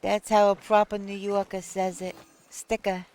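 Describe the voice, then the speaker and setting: In a casual live stream, a woman reads her viewers' chat aloud and experiments with how words sound. Her voice is medium-pitched and darkish with little pitch movement, her pace moderate, and there's slight background noise.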